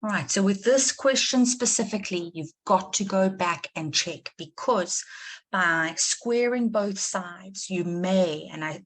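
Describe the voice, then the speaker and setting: A woman maths teacher from South Africa leading a live online revision class, quizzing her students and repeating key points for emphasis. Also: medium pitch. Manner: questioning, encouraging, repeats for emphasis.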